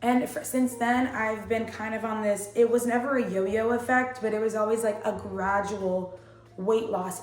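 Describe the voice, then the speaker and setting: Chatty young woman in an echoey room. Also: medium pitch. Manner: chatty, animated, slangy storytelling with acted-out quotes. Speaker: vlogger. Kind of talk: casual storytelling vlog. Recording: echoey room with faint music.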